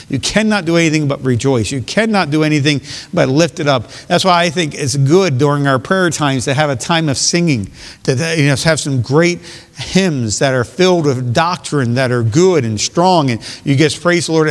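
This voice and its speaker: A man preaching a sermon, reading scripture aloud and rising to emphatic peaks. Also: mid-range voice. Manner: reads scripture aloud in old King James wording, rising to emphatic peaks. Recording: long hall reverb.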